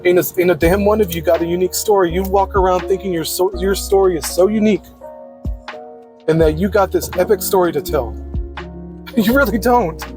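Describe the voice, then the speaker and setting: A man with a high-pitched voice talks in a blunt, preachy monologue and swears freely. Music plays clearly behind him. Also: normal speed. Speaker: podcaster. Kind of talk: casual monologue.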